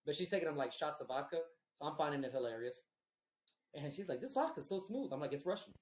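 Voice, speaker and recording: A man in his thirties tells a profane story in loose, casual chat, acting out each person's lines as he goes. His voice sits a little high for a man. The room behind him is echoey. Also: fast, heavy background noise. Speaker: podcast host. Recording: roomy echo.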